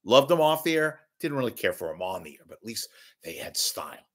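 A man's voice: lowish voice, very animated, fairly quick. A middle-aged man hosting a show, delivering a profane, sneering rant of media commentary. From San Francisco Bay Area. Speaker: podcast host. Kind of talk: ranting commentary.

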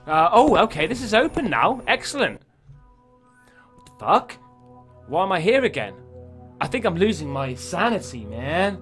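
Lively man over game music. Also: sits high, moderate pace, long pauses. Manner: jumpy, swearing, talking to himself. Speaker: gaming YouTuber. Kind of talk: horror game let's play commentary. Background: spooky game music.

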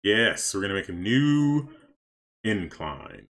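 A man casually commenting on his gameplay for stream viewers, chatty and excitable, talking to his chat. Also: fairly low pitch, moderate pace. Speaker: streamer playing a life-sim game.

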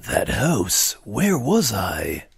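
A man voicing a dazed male game protagonist, reading his grim recollections slowly. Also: on the low side, huge pitch swings, vocal fry, a little hiss or hum, pitched below the performer's own voice, exaggerated voice. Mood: brooding. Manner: slow brooding read-aloud. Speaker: reading game narration aloud.

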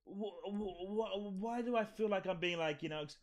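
A man's voice: high-pitched, normal speed. An Australian man co-hosting a podcast in casual chat, stammering and playfully indignant. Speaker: podcast co-host.

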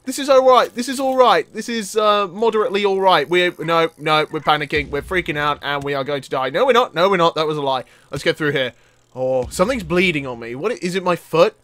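A young man giving live gameplay commentary, excitable and yelping and laughing as things go wrong. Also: on the high side, a little fast, dry recording. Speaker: gaming channel host.

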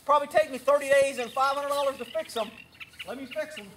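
A man with a very high-pitched, fairly bright voice speaks fast, over a little hiss or hum. Working outdoors with horses as a trainer, he gives blunt, sarcastic, scolding instruction in a brash vlog style.

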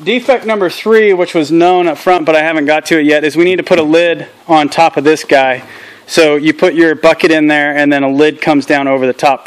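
A man hosting a casual farm vlog outdoors, talking earnestly and candidly and dropping acronyms as he explains his mistakes. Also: fairly high pitch. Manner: earnest and candid, drops acronyms and military jargon. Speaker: channel host. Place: outdoors at a small farm processing setup.

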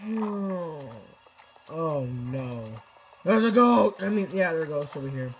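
Teen boy, high voice, casual game commentary, rambling, excitable, faint game music behind. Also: measured pace, rough recording. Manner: excitable, rambling, frequent restarts and exclamations. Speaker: gameplay commentator.

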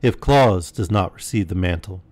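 A man's voice: low voice, lively intonation, moderate pace, a little mellow, no room sound. A man voicing a matter-of-fact elf king. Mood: decisive. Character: calm matter-of-fact male king of light elves.

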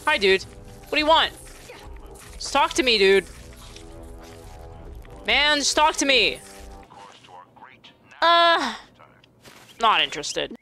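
A young woman giving casual, excitable commentary while playing a video game, laughing and shrieking often. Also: high voice, slow, pauses often, faint music behind. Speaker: gaming streamer.

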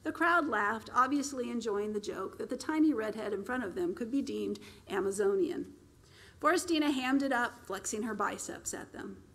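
A woman author reads aloud from her own novel in a steady, expressive storyteller's manner. Her voice sits a touch high for a woman. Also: moderate pace. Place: public library.

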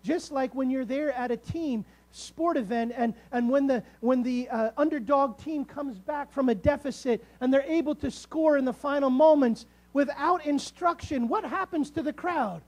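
A pastor with a high voice preaches to his congregation from the pulpit, his tone slightly mellow. He stretches key words out slowly for emphasis and works up to forceful calls.

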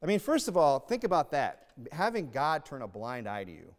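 A man preaching in a church with a voice pitched a bit above the usual male range. He talks in an emphatic, conversational way and keeps firing rhetorical questions. The sound carries a long hall reverb. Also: wildly swooping pitch, normal speed. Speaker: pastor. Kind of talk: sermon. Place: church sanctuary.

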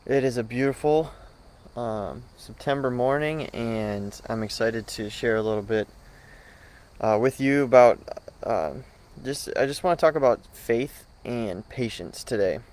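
A man giving a short morning church devotional, hesitant with many pauses and restarts, then reading scripture aloud. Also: mid-range voice, a little mellow, poor audio.

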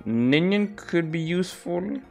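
Guy thinking out loud while gaming, easygoing, soft music behind. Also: sits high, lively intonation, gravelly. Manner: musing aloud, unhurried, trailing off. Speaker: let's play host. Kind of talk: casual gameplay commentary.

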